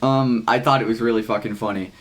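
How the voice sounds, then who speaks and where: A young man co-hosting a podcast. He tells a long, rambling story in casual chat, swearing freely and saying "like" constantly, with excited jumps in pitch. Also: fast. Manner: rambling, heavy use of "like", frequent swearing. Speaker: podcast co-host.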